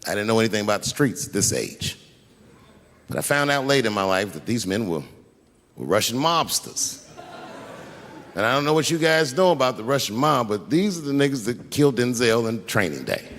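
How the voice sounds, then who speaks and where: A man telling a profane, animated story in stand-up, acting out scenes. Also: medium pitch, fairly quick, slight background noise. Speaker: stand-up comedian. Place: comedy stage. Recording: echoey live venue.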